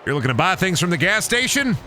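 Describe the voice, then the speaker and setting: A man's voice: fairly low pitch, fast, a bit bright, slight background noise, lightly acted. A man voicing a swaggering hillbilly gas station wrestler who drawls and calls everyone brother. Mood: boastful.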